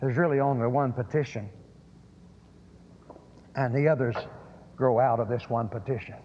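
A man's voice: mid-range voice, fairly even intonation, moderate pace, a little hiss or hum. A man preaching a sermon, emphatic and prone to repeating words and restarting phrases. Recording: lo-fi sermon recording in a reverberant hall.

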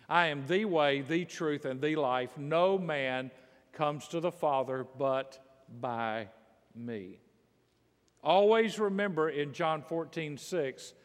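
A man's voice: fairly high pitch, big-room sound. A middle-aged male pastor preaching a sermon emphatically, with quips and asides.

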